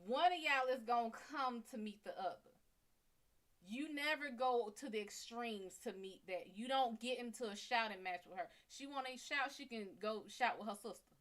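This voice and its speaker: A woman psychic reader giving blunt, animated relationship advice on a live stream, acting out dialogue as she talks. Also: fairly high pitch.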